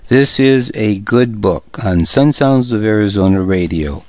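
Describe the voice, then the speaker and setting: Male narrator, low voice, steady measured delivery, dry close studio sound on a dull lo-fi radio recording. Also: dry recording. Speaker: audiobook reader for radio reading service. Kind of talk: scripted first-person narration.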